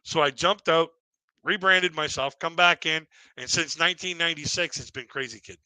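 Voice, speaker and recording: This middle-aged comedian tells a live-streamed stand-up story at normal speed, his slightly high voice carrying a sharp tone. He rambles, repeats himself and voices other characters loudly. The audio is dry and low in quality.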